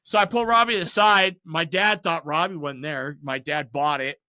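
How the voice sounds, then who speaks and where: Male podcast host, high bright voice, casual profane storyteller. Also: fairly even intonation, normal speed, clear, resonant tone. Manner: profane storytelling, acting out friends' lines; laughs often while telling stories. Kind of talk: casual chat.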